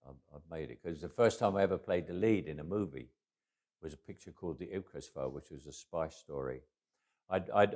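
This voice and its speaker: An older man with a Cockney accent talks through memories in an interview. His voice sits low, and he often chuckles and trails off quietly. He restarts phrases as he goes. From England. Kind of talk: reflective interview storytelling.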